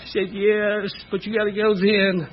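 A man's voice: high-pitched, flat delivery, moderate pace, muffled recording, heavy background noise. Middle-aged man telling his story. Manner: candid, rambling, frequent "you know" fillers. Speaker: speaker sharing recovery story. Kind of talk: personal testimony at a recovery meeting.

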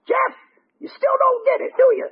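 A man voicing an older male mentor who jabs at him with a high, squeezed, prodding delivery. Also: little pitch movement, moderate pace. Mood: needling. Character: older man, a gruff, pointed recovery mentor. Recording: tinny phone-like sound.

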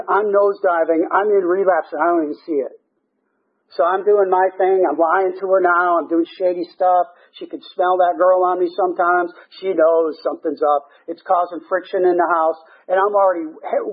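Husky high-voiced man telling his recovery story. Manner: conversational storyteller with self-deprecating humor. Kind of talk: personal testimony at a recovery meeting. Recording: tinny phone-like sound.

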